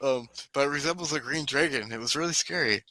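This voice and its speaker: Bright-voiced male game master. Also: mid-range voice, quick pace, no echo, low-quality recording. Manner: casual, laughing, loose. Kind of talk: narrating a tabletop game.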